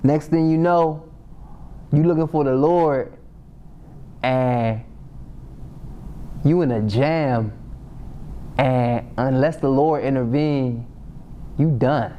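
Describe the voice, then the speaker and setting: A man's voice: medium pitch, slow, pauses often, dull audio, a little hiss or hum. A man leading a casual Bible study, reading scripture aloud and riffing on it in a slangy, conversational way. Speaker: Bible class teacher. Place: Sabbath class meeting room.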